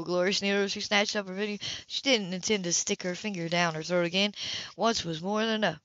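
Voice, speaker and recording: A woman reading a novel aloud at an ordinary pitch, steady and plain. Her voice sounds close and dry, and the recording is a little dull. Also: a little fast, dry recording. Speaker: audiobook reader.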